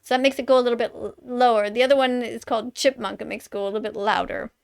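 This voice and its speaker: A woman's voice: a little high, fairly even intonation, racing, creaky, clear, resonant tone. A woman in her fifties, a vegan activist, casually explaining her videos in a rambling, explanatory way. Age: 50s.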